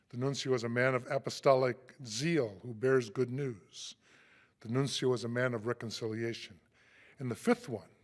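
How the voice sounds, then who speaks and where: A man introducing a guest speaker in a formal, measured read, with a dry humorous touch. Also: medium pitch.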